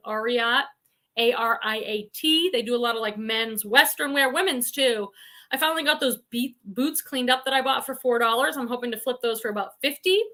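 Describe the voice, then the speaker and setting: A woman's voice: on the high side, sharp tone. A woman with a Boston accent hosting a casual livestream, chatting and reading viewer comments aloud. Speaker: reseller livestream host.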